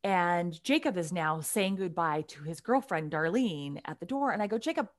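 A woman in her forties telling a family story in casual chat, blunt and animated, swearing freely and restarting her telling. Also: fairly low pitch, normal speed.

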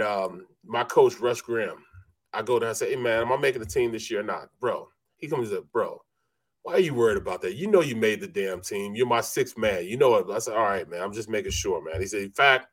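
Laid-back middle-aged man telling stories. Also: on the low side. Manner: laid-back, says bro and man a lot, acts out quotes. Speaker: former NFL lineman, co-host. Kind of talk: casual storytelling chat.

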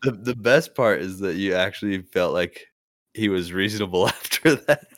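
Low-voiced joking podcast co-host. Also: male voice, moderate pace, a bit bright, no room sound, studio quality. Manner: joking, profane, acts out voices in bits. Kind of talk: casual comedic chat.

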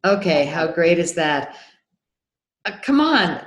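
Excitable woman telling a story, roomy sound. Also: lowish voice, takes it slowly. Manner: excitable, acts out remembered dialogue. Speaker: guest, documentary filmmaker. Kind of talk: animated storytelling in an interview. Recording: roomy echo.

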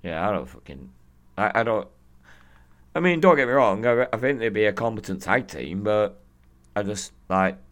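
Hoarse man, rambling and profane. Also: fairly low pitch, expressive, normal speed, long pauses, fairly bright tone. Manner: rambling, profane, laughing often. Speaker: podcast co-host. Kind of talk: casual chat.

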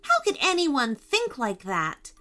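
Storybook: a woman as a spirited young girl, bright and lively, quick to get cross. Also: sits high, faint music behind, pitched above the performer's own voice, full character voice.

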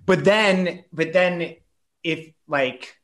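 A man's voice: fairly high pitch, very slow, fairly bright tone. Teasing man cohosting a podcast. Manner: teasing, hesitant restarts. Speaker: podcast co-host. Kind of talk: casual chat.

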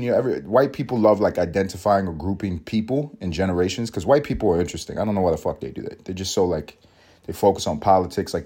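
A man hosting his own podcast at home, ranting in a profane, sarcastic way and swinging between loud jabs and low mutters. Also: slightly rough. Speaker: podcast host and father. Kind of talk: solo comedic podcast rant.

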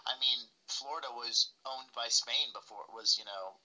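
A man's voice: mid-range voice, normal speed, bright, forceful tone, muffled recording. A man working as a paranormal investigator tells stories in a casual interview, rambling with lots of "like" and "you know.".

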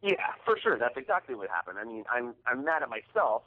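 A man's voice: medium pitch, big pitch swings, brisk. Profane man telling a story over a tinny line. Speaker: podcast co-host. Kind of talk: casual storytelling chat. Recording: tinny phone-like audio.

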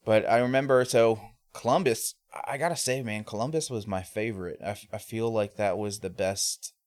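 A man's voice: lowish voice, normal speed, a little mellow, no echo, studio quality. A man co-hosting a casual chat, telling rambling tour anecdotes with frequent laughs. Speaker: podcast co-host, band member.

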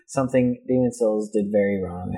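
A young man co-hosting a casual podcast, teasing and blunt, reading forum posts aloud haltingly. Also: on the low side, dark tone, husky. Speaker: podcast co-host. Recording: amateur home podcast recording.

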